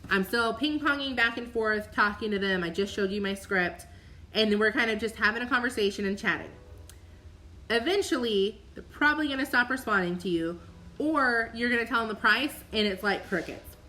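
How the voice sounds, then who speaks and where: A woman's voice: a little high, normal speed, sharp tone. A woman, chatting casually as she teaches her sales follow-up method, upbeat and full of fillers. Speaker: network marketing coach. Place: recorded at home for a replay.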